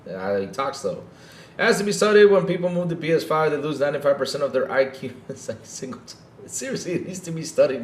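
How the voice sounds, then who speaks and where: A man's voice: medium pitch, roomy sound, slight background noise. A man hosting a gaming podcast in a casual, mocking rant, often tacking "though" onto his sentences.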